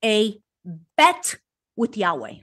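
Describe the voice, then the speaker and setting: A woman's voice: mid-range voice, wildly swooping pitch, slow, a bit bright. A woman on an online panel discussion who reads scripture aloud and gets heated and emphatic as she argues.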